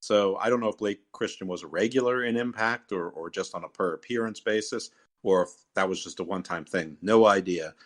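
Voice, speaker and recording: Podcast host, male, low register, loose rambling delivery with fillers. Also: fairly quick. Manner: rambling, many fillers and restarts. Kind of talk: casual wrestling podcast chat.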